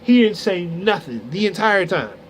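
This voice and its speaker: A young man vlogging a story in an animated, casual way, full of slang and filler. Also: sits high, moderate pace, slight background noise. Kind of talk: storytime vlog.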